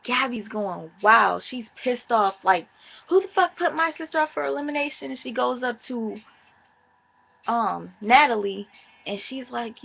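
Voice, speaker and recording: A woman's voice: medium pitch, creaky, breathy edge, lo-fi sound. A woman chatting casually and profanely as she recaps a reality show for her viewers.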